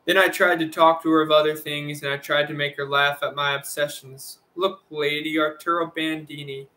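A man reading a novel aloud in the first person, in an even, measured narration. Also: fairly high pitch. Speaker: audiobook reader.

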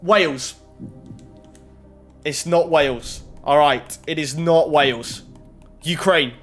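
This young FIFA YouTuber takes it slowly, his fairly high voice giving relaxed commentary as he opens game packs over soft music, then rising into excited shouting.

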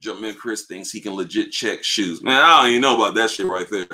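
A man hosting a livestream, ranting in a casual, profane way, animated and repeating himself. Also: on the low side, brisk. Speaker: livestream host. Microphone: livestream mic.

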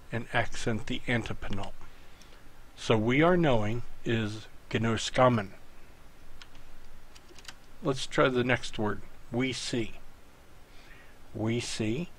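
A man's voice: medium pitch, fairly bright tone, a little hiss or hum. A man teaching a language lesson while typing at his computer, patiently talking the student through each step. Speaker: Greek teacher. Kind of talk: screen-recorded tutorial lesson.

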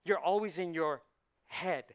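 Man, pastor, sermon, high voice, crisp clear tone, soft asides and loud punchlines. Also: a little slow. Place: church sanctuary.

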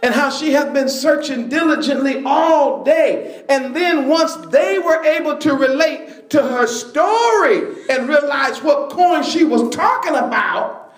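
Brief: male preacher, animated storyteller, high voice, slow unhurried delivery. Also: roomy sound. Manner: animated storytelling, bursts of shouting and laughter. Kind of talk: sermon.

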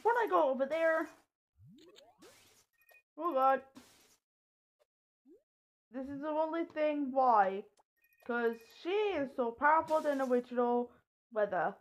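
A woman vlogger commenting on a mobile game and telling a personal story, hesitant with many ums and sudden excited outbursts. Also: sits high, slow pace, long pauses. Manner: hesitant, lots of ums and restarts; excitable outbursts during play. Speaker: gaming vlogger.

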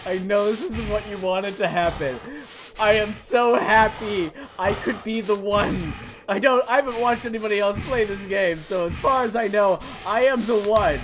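A let's play gamer commenting on a horror game, excitable and playful, shouting at scares and chatting to the figures on screen and to viewers. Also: mid-range voice, moderate pace, crowd noise.

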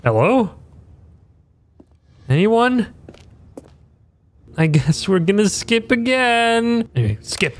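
A man's voice: high voice, sing-song, takes it slowly, pauses often. A man giving casual let's-play commentary, curious and talking to himself. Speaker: gaming YouTuber.

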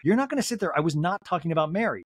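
A woman's voice: on the low side, animated, very fast, slightly rough, no room sound, studio quality. A man imitating a defensive woman in a reality-show fight, snapping back indignantly in a raised voice. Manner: indignant, sharp snapping retorts.

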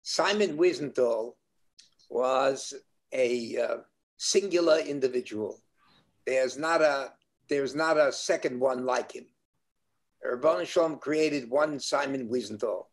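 A man's voice: medium pitch, measured pace. Older man rabbi telling a story. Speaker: rabbi, interview guest. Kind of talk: interview answers, storytelling.

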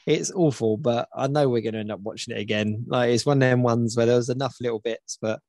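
A man's voice: mid-range voice, steady tone, fast, darkish tone, dry recording. A man co-hosting a casual podcast chat, rambling and repeating himself as he searches for words. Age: adult with children. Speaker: podcast co-host.

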